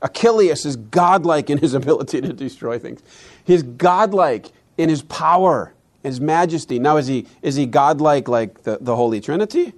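A man giving a lecture on classical education with animated, preacher-like delivery, asking the audience many rhetorical questions. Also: fairly high pitch, normal speed.

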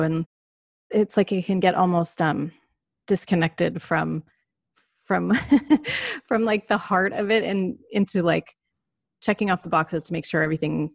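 A woman's voice: on the low side, normal speed, gravelly, no room sound, studio quality. A woman co-hosting a casual talk show, rambling a bit and often saying "like" as she thinks. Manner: rambling, uses "like" a lot. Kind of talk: casual conversation.

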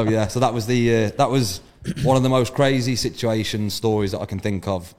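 A man with a low voice tells stories at a rapid clip. He is brash and swears freely in casual podcast chat. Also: darkish tone. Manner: brash storytelling, heavy swearing. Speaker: podcast guest, event organiser.

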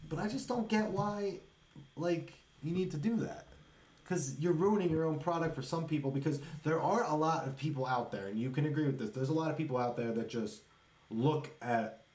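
A man chatting casually on a podcast, excitedly rambling about wrestling shows. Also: mid-range voice, fairly quick. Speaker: podcast co-host. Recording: echoey room.

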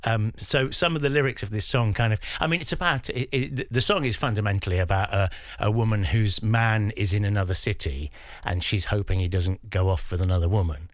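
A man's voice: lowish voice, fairly quick, dry recording, clean studio sound. An English man in his fifties, a guest DJ reminiscing in a radio interview and acting out the voices he quotes. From England. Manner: animated storyteller who acts out quoted voices.

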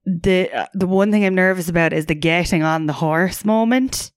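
A woman's voice: fairly low pitch, moderate pace, no room sound, clean studio sound. A young Irish woman co-hosting a podcast, chatting casually and bluntly, swearing freely and laughing often. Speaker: podcast co-host. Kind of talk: casual chat.

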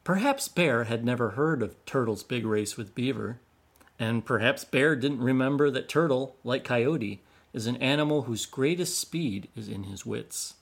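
Man telling old folk stories, slow and expressive, slightly husky. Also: mid-range voice. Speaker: storyteller. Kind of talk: scripted folk tale narration.

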